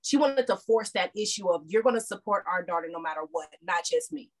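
A woman guest calmly telling her story in a relaxed, conversational way. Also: mid-range voice, a little fast. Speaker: podcast guest. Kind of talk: casual storytelling.

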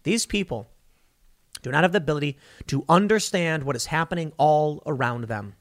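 A man in his thirties hosting an online political commentary show, talking in a rapid, combative and sardonic way. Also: on the high side.

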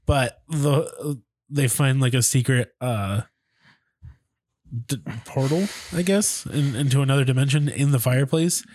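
A man's voice: mid-range voice, a little slow, a little mellow, no echo, studio quality. A man co-hosting a podcast, chatting loosely with friends and rambling through stories with lots of restarts. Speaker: podcast co-host. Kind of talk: casual banter among friends.

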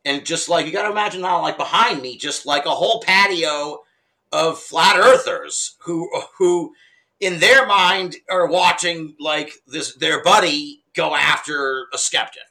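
A middle-aged man telling a story in casual conversation, animated and laughing often, with casual swearing. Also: fairly high pitch, unhurried, creaky, poor audio. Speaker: podcast guest.

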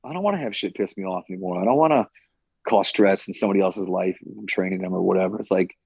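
A man's voice: low voice, quick pace, vocal fry, darkish tone, slightly rough, no room sound. A man who trains fighters, chatting casually on a podcast, rambling and swearing now and then with lots of "like" and "you know".

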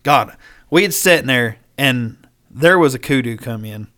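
A man's voice: medium pitch, unhurried. A man telling a hunting story in casual, profane talk, acting out the lines of the people in it. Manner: animated, profane, acts out quoted dialogue.

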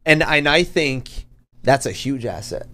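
A man's voice: medium pitch, animated, unhurried, bright, forceful tone. Man with a subtle French-Canadian accent. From Northern Ontario, Canada. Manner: laid-back, swears freely, says dude often. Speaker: music producer. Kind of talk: casual chat.

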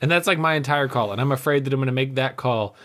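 A man's voice: mid-range voice, quick pace, fairly bright tone. Laughing man in casual chat. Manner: laughs often, mimics people in stories. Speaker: podcast co-host.

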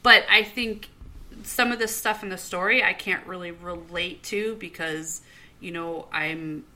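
A woman in her thirties co-hosting a podcast, chatting casually, blunt and profane, quick to laugh. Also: deep voice, sharp tone. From United States. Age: 30s. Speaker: podcast co-host. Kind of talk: casual chat.

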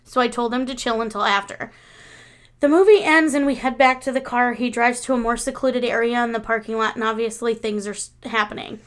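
Woman in her thirties, co-host, high-ish voice, chatty storyteller who laughs through her anecdotes. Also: brisk, clean tone. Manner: laughs through stories, animated when quoting. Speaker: podcast co-host. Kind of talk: casual chat, storytelling.

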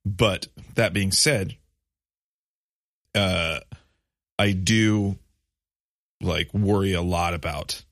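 A man's voice: low voice, fairly even intonation, drawn-out words, pauses often, a bit bright, dry recording, clean studio sound. A man in his thirties co-hosting a casual podcast, rambling with many fillers and restarts. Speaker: podcast co-host. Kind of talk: casual chat.

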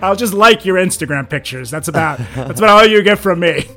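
A man co-hosting a comedy podcast, joking sarcastically and swinging from muttered asides to loud bursts. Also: high voice, animated, a little fast. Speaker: podcast co-host.

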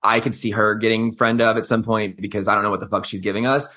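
A man's voice: lowish voice, flat delivery, quick pace, bright, forceful tone. A man co-hosting a podcast, chatting casually about reality TV with snarky, profane asides. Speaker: podcast co-host. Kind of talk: casual reality-TV recap chat.

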